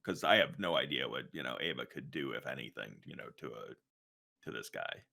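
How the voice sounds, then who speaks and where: A man playing a tabletop game, speaking in a measured way with many "you know"s. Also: a bass voice, lively intonation, vocal fry, bright, forceful tone. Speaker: player.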